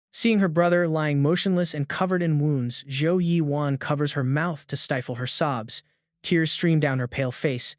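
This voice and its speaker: A man giving scripted narration of a story recap in an even, dramatic storytelling delivery. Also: on the high side, no echo, studio quality.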